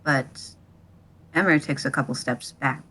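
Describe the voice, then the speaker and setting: A woman's voice: a bass voice, unhurried, a bit bright, breathy edge. A woman narrating a tabletop game as game master, hesitant and breaking into laughter. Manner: hesitant, laughs often between lines.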